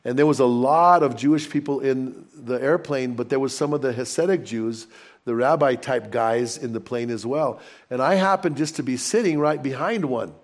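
A man preaching a sermon in a conversational, storytelling way with animated asides. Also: medium pitch, moderate pace. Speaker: pastor.

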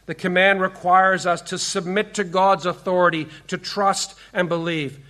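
A pastor delivering a sermon, his voice sitting high for a man. He preaches earnestly, slowing to stress scripture and sinking soft and low on key words. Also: level tone.

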